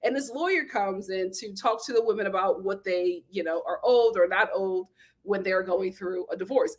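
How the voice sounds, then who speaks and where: A woman casually recapping a reality TV episode, animated, acting out quotes and laughing often. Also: a little high. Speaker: reality TV commentator.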